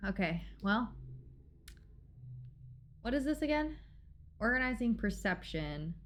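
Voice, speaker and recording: Woman streamer, lively pitch, higher voice, expressive, game music faint behind. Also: slow pace, slight background noise. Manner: expressive, swings from dramatic outbursts to mumbling. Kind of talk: live game playthrough and reading aloud.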